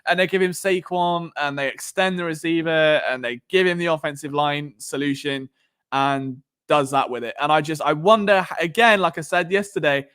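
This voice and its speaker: A man's voice: fairly high pitch, moderate pace, a bit bright, smooth. An English man hosting a live sports stream, talking casually and rambling, with lots of fillers and restarts. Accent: Southern English. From England. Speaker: podcast host.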